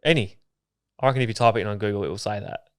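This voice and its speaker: A man's voice: fairly low pitch, rapid-fire, clear, resonant tone. An Australian man co-hosting a podcast, cocky and insistent in casual chat. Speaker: podcast co-host.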